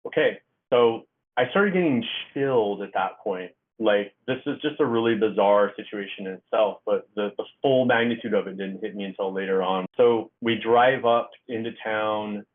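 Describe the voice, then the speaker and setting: A man's voice: fairly low pitch, normal speed. A man, a guest author, telling a personal story in a casual interview, rambling with restarts and acting out the dialogue. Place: Oregon. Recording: tinny phone-like line.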